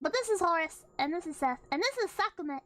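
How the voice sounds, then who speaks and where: A woman's voice: very high-pitched, expressive, fast talker, a bit bright, dry recording, low-quality recording. A young woman streamer chatting casually and playfully, rambling with restarts and freely swearing. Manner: playful, laughs often. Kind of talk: casual livestream chat.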